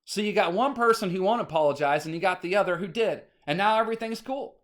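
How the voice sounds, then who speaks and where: Male vlogger, high-ish voice, agitated rambling rant, salty language. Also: quick pace, fairly bright tone. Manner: agitated, rambling, swears often. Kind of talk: casual ranting monologue.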